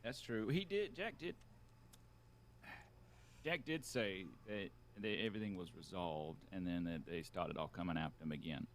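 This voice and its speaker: A man plays an aging outlaw in a western roleplay game, with a lowish voice. He muses slowly in halting phrases, often restarting. The outlaw is weary and reflective. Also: slight background noise. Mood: brooding. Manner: halting, many restarts, musing. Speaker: roleplay player.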